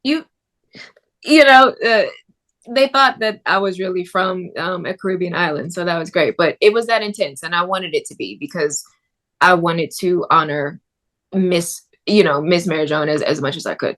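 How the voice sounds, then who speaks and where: Actress, woman, low-ish voice, animated conversational interview guest. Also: normal speed. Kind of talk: casual interview.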